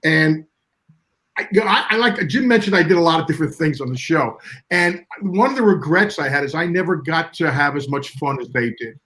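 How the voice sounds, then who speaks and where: A man's voice: on the high side, lively intonation, a little fast, pushed and bright, poor audio. A man who created a television show, looking back on it in a reflective, casual chat, hedging often with fillers.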